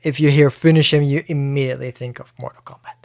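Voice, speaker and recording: A man's voice: medium pitch, steady tone, quick pace, creaky, a little mellow, no room sound, studio quality. Male solo podcast host, loose and profane delivery, mid-range voice. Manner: loose and profane, frequent restarts. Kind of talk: casual solo podcast chat.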